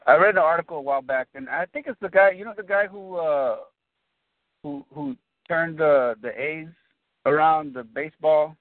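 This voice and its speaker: A man's voice: fairly high pitch, normal speed, no room sound. A man talking sports in a loose, rambling way, doubling back on his sentences and building up steam as he makes his case. His voice is dry and close, with narrow, phone-like sound. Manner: rambling, restarts sentences, animated when explaining. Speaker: podcast co-host. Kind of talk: casual sports chat.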